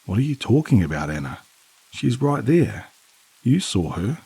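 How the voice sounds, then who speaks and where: Man reading a snappy annoyed mom in a horror story, deep and husky. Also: sing-song, normal speed, dark tone, no echo, heavily acted, rough recording. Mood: dismissive. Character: defensive, irritated middle-aged mother.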